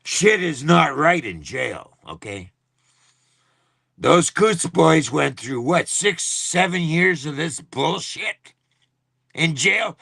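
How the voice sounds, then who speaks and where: A man's voice: fairly high pitch, very animated, slow, gravelly, pushed and bright, breathy edge, no room sound, clean studio sound. A man hosting a livestream, delivering a heated, profane rant in a repetitive, angry style. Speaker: livestream host. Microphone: phone.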